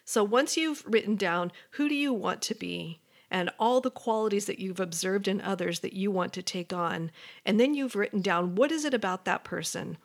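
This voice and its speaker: With a medium-pitched voice, a life coach hosting a motivational podcast speaks straight to her audience, earnest and encouraging, occasionally lowering into a soft whisper.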